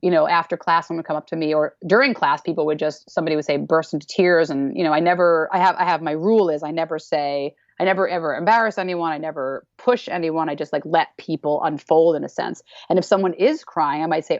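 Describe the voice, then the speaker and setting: A woman's voice: deep voice, fairly even intonation, quick pace, few pauses, no room sound. A woman dance teacher talking in a casual interview, emphatic and repeating phrases for weight. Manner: emphatic, repeats phrases, acts out people's voices. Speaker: dance teacher, podcast guest. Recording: dull, slightly lo-fi, dry sound.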